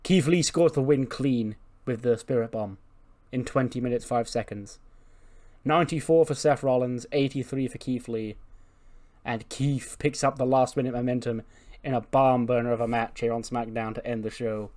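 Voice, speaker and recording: A man's voice: mid-range voice, fairly even intonation, normal speed, darkish tone. A man hosting a playthrough, giving chatty, laughing commentary on a wrestling management game. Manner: chatty, laughing, recaps results. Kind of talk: casual commentary on a wrestling sim.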